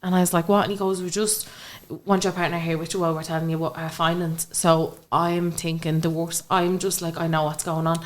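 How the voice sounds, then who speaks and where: Young irish woman, rapid-fire storytelling, lower voice, keeps acting out who said what. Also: little pitch movement. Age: young adult. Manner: recounts events by acting out quoted dialogue. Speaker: podcast guest. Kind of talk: emotional personal storytelling in conversation.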